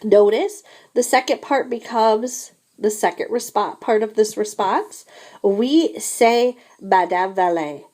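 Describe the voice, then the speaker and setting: A woman teaching a beginner French lesson, slowly modeling each phrase for students to repeat. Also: medium pitch, darkish tone. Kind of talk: classroom language lesson.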